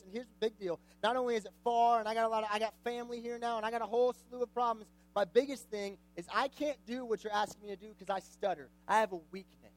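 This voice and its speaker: Young male youth pastor, high voice, chatty and jokey, asks the room questions. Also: steady tone, fairly quick, few pauses, rough recording. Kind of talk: casual sermon to a youth group.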